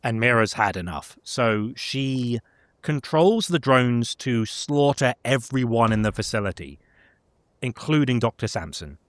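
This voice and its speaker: A man's voice: medium pitch, lively intonation, a little slow, fairly bright tone, no echo. A man casually recapping a video game's story in a chatty way, with many fillers. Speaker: gaming lore presenter. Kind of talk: casual lore recap chat.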